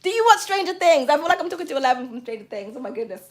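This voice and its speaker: Woman, tarot reader on a livestream. High, bouncy voice, gushing and excitable, casual swearing. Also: rapid-fire, very noisy. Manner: bubbly and excitable, swears casually, calls viewers darling.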